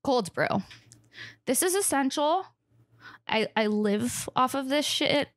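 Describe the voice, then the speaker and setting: A woman's voice: high-pitched, expressive, slow pace, dry recording, studio quality. A woman comedian rambling through a tour of her fridge, sarcastic and self-mocking, swearing freely and a little out of breath. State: slightly out of breath. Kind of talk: casual rambling monologue. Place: home kitchen.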